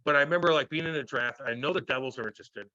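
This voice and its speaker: Loud, profane former hockey player. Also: male voice, medium pitch, rapid-fire, no room sound, dull audio. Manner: loud, profane, animated storytelling. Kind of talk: casual storytelling interview.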